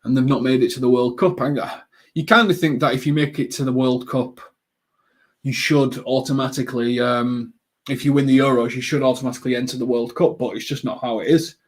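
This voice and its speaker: A man hosting a live football watchalong, chatting casually with viewers in a rambling way, full of ums and quick excited bursts at the action. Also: medium pitch.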